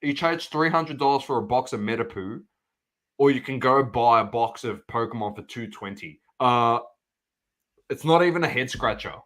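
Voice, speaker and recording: A man's voice: mid-range voice, animated, moderate pace, a bit bright. A man co-hosting a casual podcast, ranting emphatically and repeating his points. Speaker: podcast co-host. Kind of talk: casual chat.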